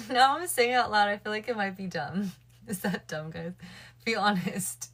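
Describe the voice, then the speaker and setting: A woman talks casually to her livestream chat late at night. She addresses her viewers directly and thinks aloud with plenty of fillers. Her voice sits at a middle pitch for a woman. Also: a little slow, a bit bright, slightly rough.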